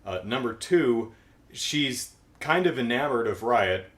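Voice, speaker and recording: A man's voice: medium pitch, lively intonation, takes it slowly, a bit bright. A middle-aged man recapping a cartoon episode in casual comedic talk, dry and sarcastic, acting out the characters' lines.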